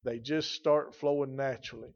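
A man's voice: medium pitch, fairly even intonation, moderate pace, vocal fry, a little mellow, lo-fi sound. A man preaching a sermon in a folksy, emphatic way, his intensity rising and falling. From rural.

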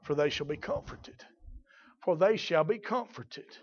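High-voiced preacher, shouting and then hushed. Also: male voice, expressive, highs cut off. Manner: swings from quiet teaching to shouted, drawn-out exclamations. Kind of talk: sermon.

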